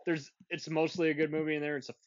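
A man's voice: a little high, flat delivery, quick pace, no room sound. Man, podcast host, rambling casual movie chat, dry dull lo-fi sound. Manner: rambling, self-interrupting, laughs often. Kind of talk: casual film review chat.

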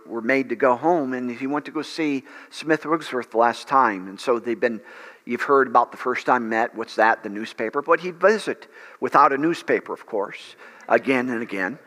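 A man's voice: mid-range voice, a bit bright. A man preaching as a pastor, fervent, with frequent fillers and restarts. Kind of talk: sermon and prayer. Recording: long reverb of a large hall.

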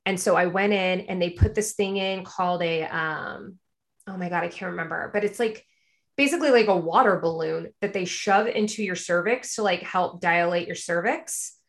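Brief: young woman, casual storyteller, animated, acts out the voices of people she quotes. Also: fairly low pitch, moderate pace.

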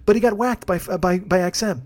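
Fast, high-voiced man ranting profanely. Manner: profane, rambling rant. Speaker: podcast host. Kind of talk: comedic podcast monologue.

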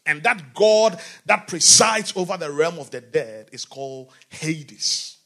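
A man preaching a sermon, often asking the congregation questions and swinging between shouting and quiet talk. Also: a little high, animated, slow pace, gravelly.

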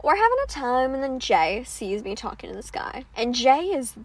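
A woman's voice: a little high, very animated, moderate pace. A young woman hosting a podcast, telling a story in casual chat, laid-back and swearing freely. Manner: laid-back, swears freely, quotes people in put-on voices. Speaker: podcast host.

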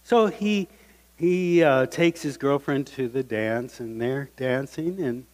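A man preaching as a guest speaker, telling a story with animated voices for the people in it. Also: medium pitch, slow. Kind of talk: sermon storytelling. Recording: reverberant hall.

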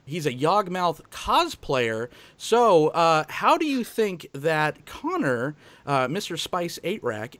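A man hosting a casual card-game show, joking and halting with fillers and restarts. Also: a little high, a bit bright. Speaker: podcast host.

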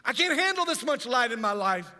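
A man's voice: very high voice, very animated, a little fast, bright, forceful tone, voice pushed up, heavily acted. Preacher doing peter the fisherman, all worked up and pleading, big echoey hall. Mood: emotional. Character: Peter, impulsive fisherman disciple, emotional.

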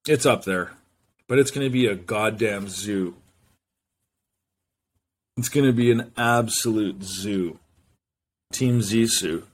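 A man hosting a solo podcast, rambling loosely from one thought to the next and swearing freely. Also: on the low side. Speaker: podcast host.

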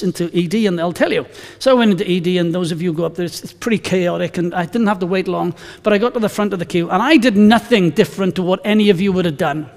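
Male pastor, conversational sermon, high voice, long church-hall reverb. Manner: conversational, anecdotal, emphatic scripture reading.

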